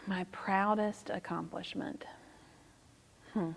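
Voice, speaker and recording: A soft-spoken woman in her thirties with a Southern accent, speaking slowly and thoughtfully, with a low, gravelly voice. Her words hang in a reverberant room that gives them a long tail. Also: steady tone. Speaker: pastor, interview guest. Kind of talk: casual interview.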